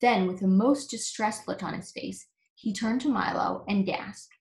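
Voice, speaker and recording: A woman reading a children's book aloud for camp story time, with lively expression. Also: medium pitch, a little slow, gravelly, few pauses. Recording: echoey room.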